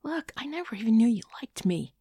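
A woman's voice: a little high, very animated, brisk, warm tone, slightly rough, pitched above the performer's own voice, exaggerated voice. A woman voicing a blunt, evasive man who hesitates and then speaks frankly about a breakup.

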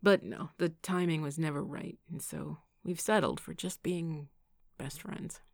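A woman's voice: low-pitched, steady tone, a little slow, creaky, no room sound, studio quality, heavily acted. A woman reading the part of a playful, teasing young man in an audiobook, speaking grandly and boisterously.

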